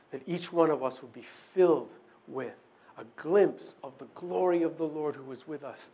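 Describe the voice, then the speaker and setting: A man with a somewhat high, husky voice delivers a sermon and prayer. He is earnest, dropping to hushed, breathy prayer and then rising to emphatic declarations. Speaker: pastor.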